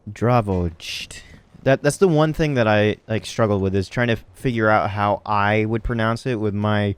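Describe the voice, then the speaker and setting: A man's voice: lowish voice, normal speed, clear, resonant tone, no room sound. A man with an American accent giving casual let's play commentary, joking and laughing as he plays. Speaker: game streamer.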